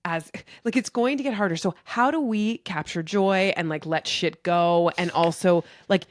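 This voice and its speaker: A woman's voice: on the low side, normal speed, no room sound. A middle-aged woman co-hosting a podcast, reflecting frankly in casual chat and swearing freely. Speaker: podcast co-host.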